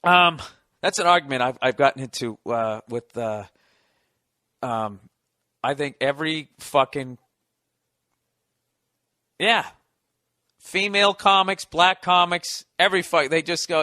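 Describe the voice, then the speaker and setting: A man's voice: a little high, a little slow, pauses often, sharp tone, no room sound, clean studio sound. A middle-aged American man hosting a podcast, delivering a sarcastic, profane comedic rant. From United States. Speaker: podcast host.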